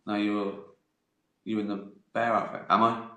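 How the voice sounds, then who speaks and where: A man's voice: fairly low pitch, little pitch movement, normal speed, a bit bright. A man in his fifties hosting his own live stream, telling rambling anecdotes with frequent laughs and free swearing. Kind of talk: casual storytelling chat. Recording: roomy echo.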